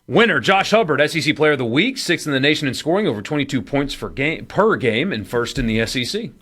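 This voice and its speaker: A man co-hosting a casual sports talk radio show, with a lively, animated delivery. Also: medium pitch, fast. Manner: animated, lively inflection, runs winner and loser segment.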